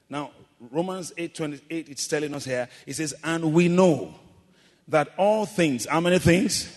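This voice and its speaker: Preaching man in a reverberant hall. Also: medium pitch. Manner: call-and-response preaching, swings from loud exhortation to quiet emphasis. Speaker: pastor. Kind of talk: sermon.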